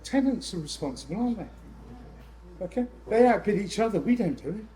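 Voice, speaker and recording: A man presenting to a room of landlords, lively and jokey with exasperated asides. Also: high voice, normal speed, poor audio. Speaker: letting agent speaking at a landlord event. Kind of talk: live seminar presentation.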